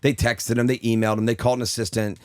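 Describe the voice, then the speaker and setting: A male comedian telling an animated story on a podcast, often restarting his sentences. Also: medium pitch, very fast, smooth, no room sound, studio quality. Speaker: comedian guest.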